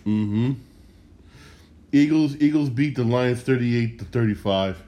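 A man's voice: mid-range voice, slow pace, long pauses, dark tone. A man hosting a sports podcast, ranting in a frustrated, heated way, cursing and repeating himself. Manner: profane. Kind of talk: casual sports rant.

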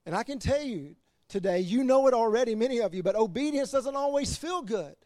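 A man preaching as pastor, animated, laughing between points and dropping to quiet emphasis. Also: very high voice, fairly quick, dry recording, studio quality. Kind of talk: sermon.

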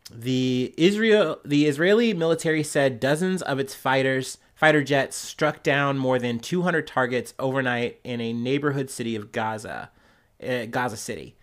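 Speaking at a normal speed in a mid-range voice, a man hosts a casual news podcast. His cold makes him sound nasal and congested as he rambles into the podcast microphone with plenty of fillers and restarts.

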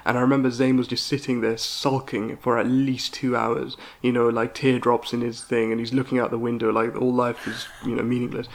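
A man's voice: medium pitch, fairly quick, gravelly, few pauses. Young guy on a podcast, laughs a lot, chatty storyteller. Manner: animated storyteller, laughs often. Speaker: podcast co-host. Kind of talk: casual chat.

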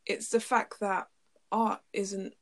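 A woman's voice: medium pitch, flat delivery, takes it slowly. A woman co-hosting a casual faith discussion, affirming her partner and laughing lightly as she shares her own story. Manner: warm affirming listener, laughs while talking. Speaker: podcast co-host.

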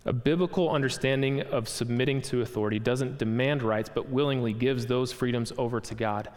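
Brief: male preacher, mid-pitched, earnest and questioning, long church-hall reverb. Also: a little fast, darkish tone. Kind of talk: sermon.

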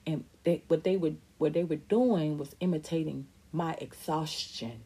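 A woman's voice: sits low, a little slow, warm tone, breathy edge. A middle-aged woman hosting a podcast, talking candidly and emphatically about her life and answering viewer comments, sometimes mimicking other people's voices. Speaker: podcast host. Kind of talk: personal talk reading viewer comments.

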